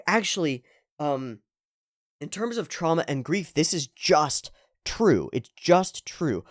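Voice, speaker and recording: Man reading and reacting casually. Lively, swinging pitch, dry close sound, emphatic and profane. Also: no room sound. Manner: emphatic, swears freely, repeats points for stress. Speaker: manga reader and reactor.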